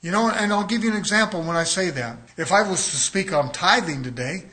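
A man's voice: sits high, fairly quick, bright, forceful tone. A man preaching a sermon as a pastor, in a conversational way, often acting out the voices of people he quotes.

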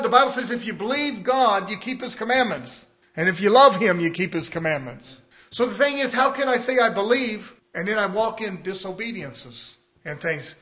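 A male pastor preaching a fervent sermon to his own congregation, at times rising to shouts. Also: high-pitched, animated, moderate pace.

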